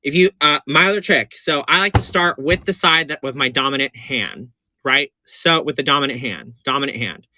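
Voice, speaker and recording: Bright, campy drag queen chatting live. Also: medium pitch, moderate pace, no room sound, clean studio sound. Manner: campy, chatty, calls viewers honey and baby; gushing and repetitive. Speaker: drag performer doing a makeup tutorial. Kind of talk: casual livestream tutorial.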